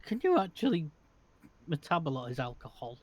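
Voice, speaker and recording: A man's voice: on the high side, very animated, moderate pace, no echo. A man doing a hearty dwarf sailor with a Scottish accent. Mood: jovial. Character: wild, friendly male dwarf sailor with a great axe.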